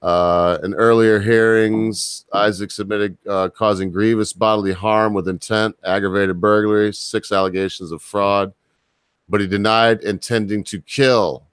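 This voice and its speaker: Low-voiced man reading news wryly. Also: steady tone, unhurried, fairly bright tone, clear, resonant tone, dry recording, studio quality. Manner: chuckling, wry asides. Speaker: host. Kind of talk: casual commentary, reading news aloud.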